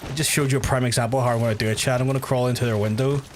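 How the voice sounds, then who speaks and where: A man's voice: medium pitch, steady tone, racing, a little hiss or hum. A man streaming a video game, chatting casually with his viewers, rambling and swearing freely as he answers their messages. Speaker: gaming livestreamer. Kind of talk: casual livestream chat while playing.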